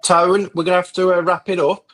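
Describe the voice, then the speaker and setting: A man's voice: high-pitched, little pitch movement, a little fast, fairly bright tone. Upbeat man co-hosting a fan stream. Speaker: co-host. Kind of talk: casual football chat.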